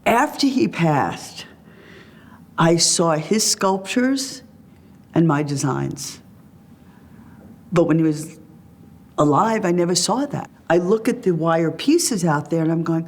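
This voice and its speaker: A woman's voice: on the low side, lively intonation, takes it slowly, long pauses, a little mellow. A woman guest telling reflective personal stories in a free-flowing way, acting out remembered conversations. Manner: free-flowing, tells stories through quoted dialogue.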